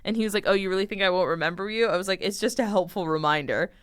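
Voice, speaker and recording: A woman's voice: mid-range voice, racing, smooth, no room sound. A young woman co-hosting a podcast, telling stories in casual chat and acting out the dialogue, recorded on a close mic. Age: young adult. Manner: animated storytelling, acting out quoted dialogue. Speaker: podcast co-host.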